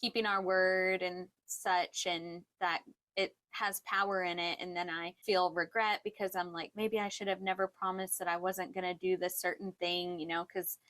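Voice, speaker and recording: A woman's voice: fairly low pitch, level tone, moderate pace, a bit bright. Earnest woman in her thirties. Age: 30s. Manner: earnest, reflective, laughs often. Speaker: podcast co-host. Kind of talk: casual faith-based chat.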